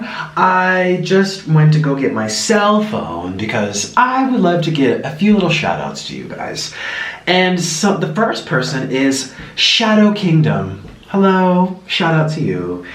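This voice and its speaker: A young man chatting animatedly while eating on camera, telling stories between bites. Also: on the high side. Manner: chatty, animated storytelling with food in mouth. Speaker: mukbang vlogger. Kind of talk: casual chat while eating. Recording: echoey room, mic somewhat far.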